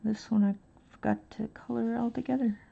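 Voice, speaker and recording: A woman's voice: on the high side, steady tone, brisk, gravelly, slightly rough, narrow, tinny audio. A woman chatting casually on an art live stream, rambling and thinking aloud as she colors. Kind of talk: casual chat while coloring.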